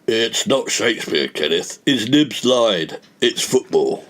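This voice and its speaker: A man plays a sly, gruff middle-aged bookie, dropping low and drawling his lines wryly. His voice swings up and down as he talks. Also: expressive, takes it slowly, fairly bright tone.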